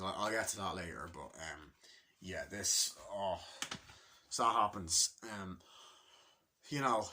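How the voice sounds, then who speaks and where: A man's voice: lowish voice, bright, forceful tone. A man giving a casual, rambling film review, enthusiastic and full of swearing and restarts. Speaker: movie reviewer.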